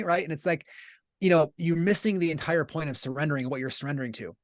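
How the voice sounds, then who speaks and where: A man speaks as a podcast guest, his voice sitting a bit higher than most. He explains things earnestly and keeps checking in with the listener. The recording is dry, with no room sound. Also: fast, no room sound. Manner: earnest, explanatory, uses many rhetorical "right?" checks. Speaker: podcast guest, business leader. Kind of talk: casual conversational interview.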